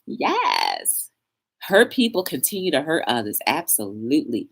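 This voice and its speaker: A woman's voice: lowish voice, expressive, measured pace, background noise. A woman hosting a casual live-stream talk show, chatting straight to her viewers and reading quotes aloud with emphasis.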